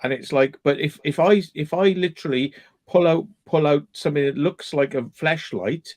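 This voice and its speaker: A man's voice: fairly high pitch, normal speed, a little mellow. A man hosting a casual live chat stream, ranting and swearing freely.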